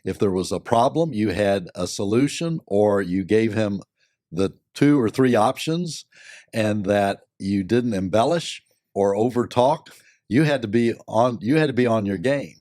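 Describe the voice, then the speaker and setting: An older man, a company board member and lawyer, giving measured, thoughtful answers with many pauses and fillers. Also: on the low side, animated, darkish tone, dry recording, studio quality. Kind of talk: reflective interview answers.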